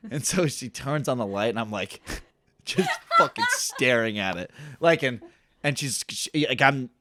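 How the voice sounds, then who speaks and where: A man's voice: medium pitch, expressive, unhurried, bright, forceful tone, a little hiss or hum. A young man co-hosting a podcast, telling a self-deprecating story in a rambling way full of "like". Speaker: podcast co-host. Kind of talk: casual storytelling chat.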